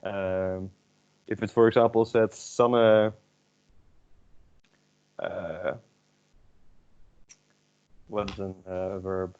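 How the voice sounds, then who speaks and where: A man's voice: sits low, fairly even intonation, slow, pauses often, a little mellow. A man in an online language class, explaining a grammar rule and thinking aloud with many fillers. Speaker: student. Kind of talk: classroom question. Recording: dull lo-fi online call audio.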